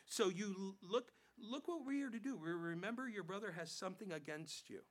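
A male pastor preaching a sermon, animated, acting out quotes in changing voices and often repeating words. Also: high-pitched, fairly quick, few pauses.

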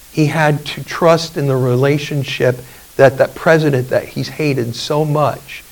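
A man preaching a communion sermon, telling a story in a halting way with fillers. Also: medium pitch, distant mic, poor audio. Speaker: pastor.

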